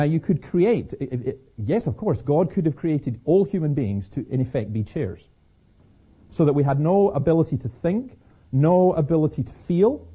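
A Scottish man with a sore throat, giving a lively preaching talk on stage to an audience and telling stories with many restarts. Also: on the high side, breathy edge. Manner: lively storyteller, repeats words as he restarts. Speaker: speaker. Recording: slightly dull lo-fi recording.

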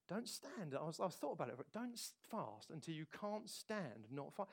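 A man preaching a sermon, swinging between loud bursts and quiet, low asides. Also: sing-song, fairly quick, hardly any pauses, husky. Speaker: pastor.

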